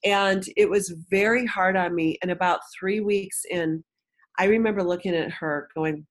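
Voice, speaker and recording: A woman's voice: medium pitch, steady tone, moderate pace. A woman guest in an interview, frankly telling a personal story and acting out the voices of people she quotes.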